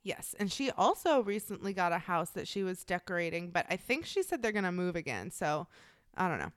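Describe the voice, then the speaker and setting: A woman's voice: on the low side, very animated, brisk, no room sound, clean studio sound. A woman with a Scottish accent co-hosting a podcast, chatting casually and bubbly, with lots of fillers and casual swearing. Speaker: podcast co-host. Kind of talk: casual chat.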